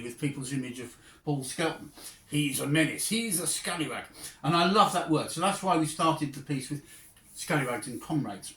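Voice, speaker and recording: A man's voice: on the high side, fairly bright tone, far from the mic. Chatty man reviewing music, echoey room. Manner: chatty, digressive, enthusiastic. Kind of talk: casual spoken album review.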